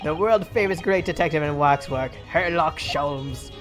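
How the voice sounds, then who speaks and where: A woman's voice: unhurried, music in the background. A woman voicing a flamboyant, grandiose male master detective while reading game dialogue aloud. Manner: theatrical, booming, pompous.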